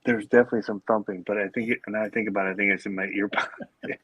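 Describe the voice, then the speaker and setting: A man with a fairly low voice chats casually on a podcast, joking and bantering. He records from a hotel room late at night through a headset, and the sound is close and dry. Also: steady tone, rapid-fire, fairly bright tone, husky, no echo, low-quality recording. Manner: joking, trades banter and quips. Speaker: podcast co-host. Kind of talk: casual chat. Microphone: headphones with mic.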